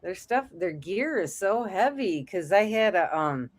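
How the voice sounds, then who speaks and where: Middle-aged woman co-host, chatty storyteller, laughs a lot, mid-pitched everyday voice. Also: big pitch swings, measured pace. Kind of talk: casual chat.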